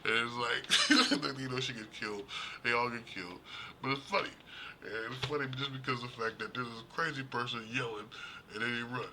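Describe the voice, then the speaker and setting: A man streaming live, chatting casually and animatedly about movies, laughing often and acting out characters in high voices. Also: a little fast, background noise. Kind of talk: casual rambling movie talk.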